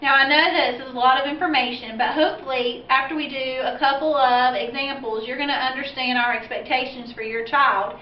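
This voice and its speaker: Woman teacher explaining things slowly and clearly for parents, highish voice, echoey classroom. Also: fairly even intonation, a little hiss or hum. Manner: clear, patient, step-by-step explaining. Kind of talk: instructional video for parents. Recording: roomy, distant, dull-sounding classroom recording.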